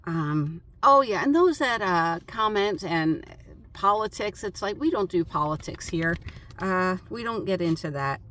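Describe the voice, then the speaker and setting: A woman's voice: lowish voice, animated, unhurried, a bit bright. A woman vlogger chatting casually about her travels, rambling with lots of fillers. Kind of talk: casual chat.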